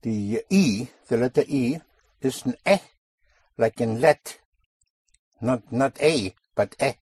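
A man teaching a spoken language lesson to a student, explaining slowly and deliberately and repeating key sounds. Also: mid-range voice, animated, a little mellow, husky, no room sound.

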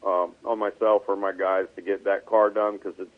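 In a relaxed phone interview, a race car driver who also owns a team speaks as a guest in a low voice, with no room sound on the tinny, dry line. He calmly and measuredly explains his plans, filling pauses with plenty of ums and uhs.

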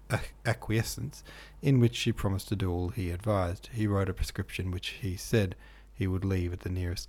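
A man reading a classic novel aloud in a steady, measured way, with the odd small slip. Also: fairly low pitch. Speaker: audiobook narrator.

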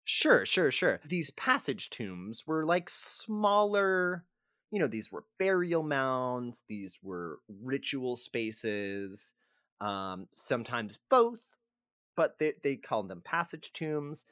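A man's voice: medium pitch, big pitch swings, takes it slowly, pushed and bright, dry recording, studio quality. A man co-hosting a casual podcast, rambling and self-deprecating as he explains history. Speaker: podcast co-host.

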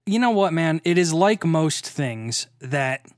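A man co-hosting a casual movie podcast, joking and animated with quick asides. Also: on the high side. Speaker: podcast co-host. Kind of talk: casual chat.

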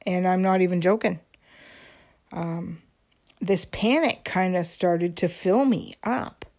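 Her voice sits lowish and darkish, and she speaks slowly. As a podcast host, she confides a personal story candidly, often saying um and starting sentences over.

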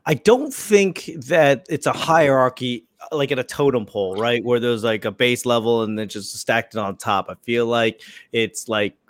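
A man on a podcast joining a casual discussion, measured and laughing easily, often repeating words as he starts. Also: medium pitch, no room sound, clean studio sound.

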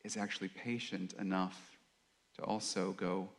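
A man speaks in a somewhat low voice, sharing a reflective sermon. He is earnest and confessional, and he often pauses and fills the gaps with fillers as he gathers his thoughts. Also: steady tone. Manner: halting, with many pauses and fillers. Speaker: worship leader or preacher.

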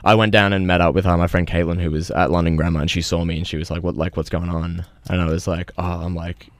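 A man's voice: low voice, level tone, quick pace, no echo. A young man, telling a long story in casual podcast chat, full of fillers and restarts. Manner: rambling storytelling with many fillers.

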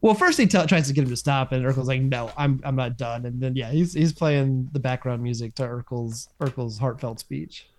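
A man's voice: mid-range voice, fairly quick, hardly any pauses, a little mellow. A man with a mid-range voice explains story details with eager energy. He talks like a podcast co-host, casual and going on at length. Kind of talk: casual recap chat.

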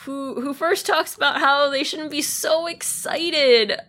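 A woman's voice: high voice, unhurried, a bit bright. A woman co-hosting a podcast, chatting casually and retelling a listener's spooky story with lots of "like"s. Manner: chatty, filler-heavy with many "like"s. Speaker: podcast co-host.

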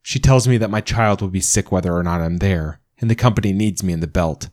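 A man narrating a first-person story in a calm, measured reading voice. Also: sits low, dry recording, clean studio sound.

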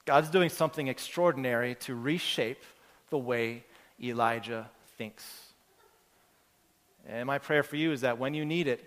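A man preaches a sermon in an earnest, conversational manner, restarting phrases as he works through everyday examples. His voice sits at an ordinary middle pitch. The recording carries the long reverb of a large church hall. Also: a bit bright. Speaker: pastor.

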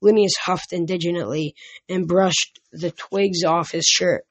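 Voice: mid-range voice, fairly even intonation, slow pace, dry recording. A reader narrating a novel in the first person in a casual way, with small slips and restarts. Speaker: audiobook reader.

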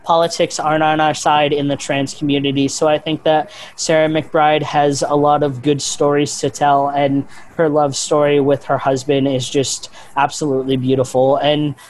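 Casting: mid-pitched podcast guest, easygoing and profane, laughs a lot. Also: normal speed, hardly any pauses. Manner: casual, relaxed, swears, laughs often. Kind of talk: casual podcast chat.

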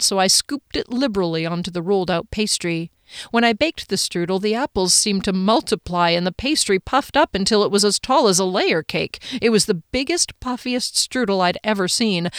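A woman narrating a first-person audiobook in an expressive, bubbly way, her pitch leaping up on excited lines. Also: dry recording, clean studio sound.

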